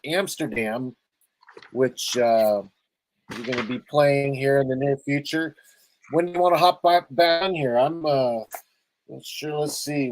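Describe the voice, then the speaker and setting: A man's voice: medium pitch, slight background noise, low-quality recording. A man from Los Angeles hosting his own show, chatting loosely and rambling over a video call, with easy laughs. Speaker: talk show host. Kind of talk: casual video call chat.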